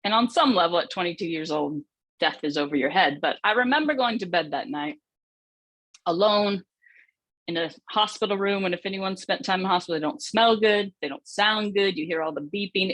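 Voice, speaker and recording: A woman's voice: mid-range voice, a bit bright, no room sound. Earnest woman giving a keynote. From United States. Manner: earnest, reflective storytelling with rhetorical questions. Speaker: conference speaker, former footballer. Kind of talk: motivational keynote speech.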